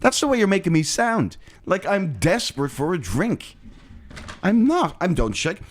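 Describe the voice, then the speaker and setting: A man's voice: sits high, sing-song, normal speed, a little hiss or hum. A man co-hosting a podcast, joking and rambling through casual banter with lots of restarts. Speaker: podcast co-host. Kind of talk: casual chat.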